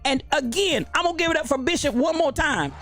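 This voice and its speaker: A woman's voice: high-pitched, animated, fast talker, a bit bright, soft background music. Fired-up woman ranting on a livestream. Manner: fired-up, preachy, repeats phrases. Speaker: host. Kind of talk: livestream commentary rant.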